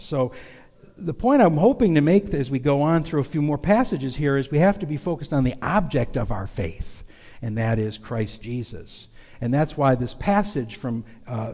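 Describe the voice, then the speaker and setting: A man's voice on the high side, warm in tone, fills a big room as he preaches. He's a pastor giving a folksy, confessional sermon in a church sanctuary, speaking conversationally and openly to his congregation.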